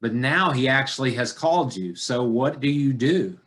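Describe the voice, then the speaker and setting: A man preaching a sermon as pastor, deliberate and searching, addressing the congregation with repeated rhetorical questions. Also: mid-range voice, animated, a bit bright.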